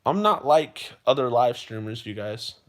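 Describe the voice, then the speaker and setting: Speaking to viewers on a livestream, a man uses a mid-range voice with lively intonation and a measured pace. The heartfelt monologue is earnest and emotional, and he repeats himself, frequently saying "you guys."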